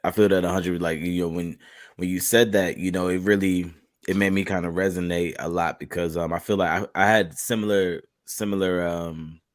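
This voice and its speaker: A man's voice: low voice, fairly even intonation, normal speed, dry recording, clean studio sound. A man hosting a podcast interview, talking in a laid-back, rambling way full of casual filler phrases. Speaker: podcast host.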